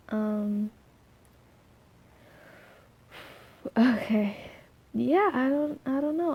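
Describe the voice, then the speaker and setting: A soft-spoken young woman vlogger rambles through a casual vlog, full of fillers and restarts. Her voice is a little high, slightly scratchy and rough, and the recording has its highs cut off.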